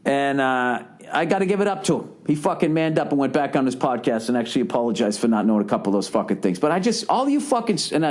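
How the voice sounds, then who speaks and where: A middle-aged man hosting a podcast, talking casually in a profane, worked-up rant. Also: fairly high pitch. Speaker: podcast host. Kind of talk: casual monologue.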